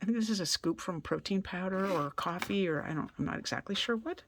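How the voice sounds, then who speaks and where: A Canadian woman gives a casual card-making tutorial from her basement studio, talking fast in a medium-pitched voice over a noisy background. She's chatty and self-deprecating, thinking aloud as she works.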